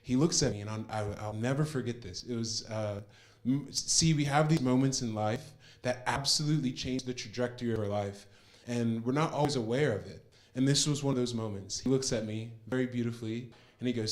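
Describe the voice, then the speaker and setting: A man's voice: medium pitch, fairly quick. An earnest young man giving a personal testimonial, retelling a story and repeating words for emphasis. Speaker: program participant giving a testimonial.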